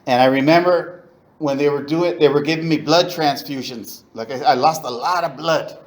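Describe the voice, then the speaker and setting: A man's voice: on the high side, normal speed, low-quality recording. A middle-aged man from East Los Angeles, sharing his story candidly at a recovery meeting. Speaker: AA meeting speaker.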